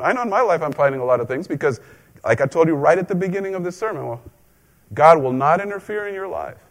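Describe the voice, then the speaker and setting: Chatty joking preacher man. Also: on the high side. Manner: chatty, joking asides, repeats phrases for emphasis. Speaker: pastor. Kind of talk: conversational sermon.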